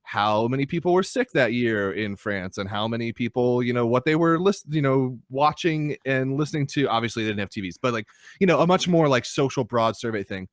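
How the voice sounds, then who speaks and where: Animated, swearing young man ranting. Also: medium pitch, brisk, no echo, clean studio sound. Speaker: podcast co-host. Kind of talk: casual podcast chat. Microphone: podcast microphone.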